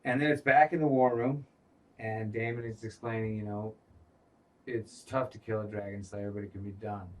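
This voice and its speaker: A man's voice: lowish voice, steady tone, normal speed, distant mic, low-quality recording. A man co-hosting a casual recap podcast, cursing freely as he retells scenes and quotes the characters. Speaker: podcast co-host.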